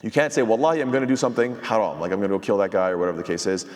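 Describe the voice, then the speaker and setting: Fast-talking man teaching in a reverberant hall. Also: fairly low pitch, steady tone. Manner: explains step by step, quotes Arabic, asks rhetorical questions. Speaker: imam giving tafseer. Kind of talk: sermon-style Quran commentary.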